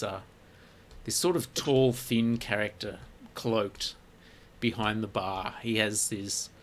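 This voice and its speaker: A man's voice: on the low side, fairly bright tone, a little hiss or hum. A man narrating a tabletop game as game master, in loose, rambling narration with fillers.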